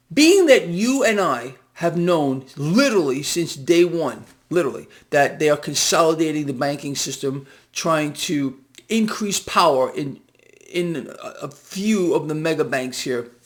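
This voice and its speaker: Emphatic sardonic male market commentator. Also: sits high. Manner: emphatic, sardonic, repeats phrases, laughs at bad news. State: allergies. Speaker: financial commentator. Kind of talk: casual market commentary monologue.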